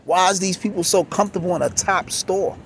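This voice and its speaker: A man's voice: high voice, brisk, creaky. A middle-aged man ranting insistently in the street, repeating himself and restarting phrases. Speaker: vlogger. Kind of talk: outdoor street rant. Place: city street outdoors. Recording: street traffic noise behind.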